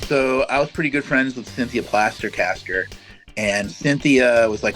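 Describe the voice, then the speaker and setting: A man's voice: medium pitch, moderate pace, over music, poor audio. A man telling a casual anecdote, quoting the people in it. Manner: laughing, quotes people in his story. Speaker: guest musician. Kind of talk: casual storytelling.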